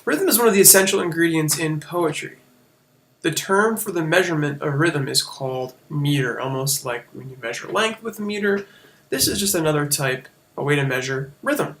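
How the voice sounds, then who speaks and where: A man with a bright, slightly high voice walks through a lesson over a shared screen. He talks casually and explains step by step, with fillers and quick self-corrections. The sound comes from a computer mic. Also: slight background noise. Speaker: teacher.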